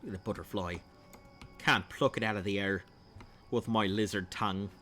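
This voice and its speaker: A man's voice: fairly low pitch, fairly even intonation, normal speed, a bit bright, faint music behind. Playful man streamer in a put-on Australian accent. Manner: rambling, playful, talks to chat. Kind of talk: gameplay livestream chat.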